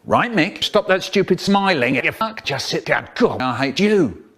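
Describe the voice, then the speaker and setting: A man's voice: a little high, sing-song, measured pace, fairly bright tone, exaggerated voice. A man voicing a rude, impatient female schoolteacher who talks in a snappish, dismissive way. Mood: scornful.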